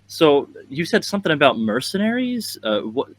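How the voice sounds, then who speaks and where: A man's voice: fairly high pitch, big pitch swings, normal speed. A man playing a tabletop game, speaking politely and hesitantly with many fillers. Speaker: player.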